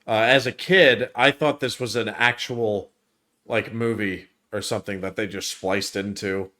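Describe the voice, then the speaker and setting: A man's voice: fairly low pitch, steady tone, unhurried, bright, forceful tone. A man reviewing a movie with friends in casual chat, eagerly retelling the scene and laughing often.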